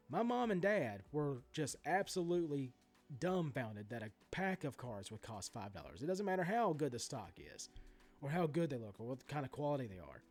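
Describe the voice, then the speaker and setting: A man in his forties ranting in a vlog about sports card prices, swearing freely and going off on asides and restarts. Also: on the high side. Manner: animated, profane ranting with many asides and restarts. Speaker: sports card collector vlogger.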